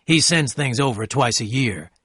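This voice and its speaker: Storybook: man playing an eager, courteous rich gentleman, mid pitch, dry. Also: animated, moderate pace, husky, dry recording. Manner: warm, eager host calling others old sport.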